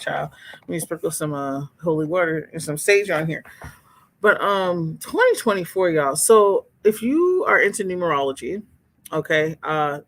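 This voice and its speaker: A woman hosting a livestream in casual chat, speaking candidly and expressively to viewers as she reads their comments. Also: fairly low pitch. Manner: candid and expressive, exclaims and laughs, talks straight to viewers.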